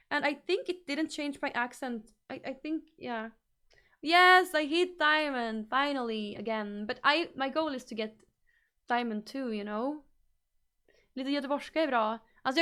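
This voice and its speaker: Young female streamer, Swedish native with a Norrbotten accent, high voice, chatty, code-switching, lots of restarts. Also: fairly bright tone. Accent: northern Swedish (Norrbotten). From Norrbotten, northern Sweden. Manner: chatty, restarts and repeats words, mixes English and Swedish. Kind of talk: casual chat with viewers.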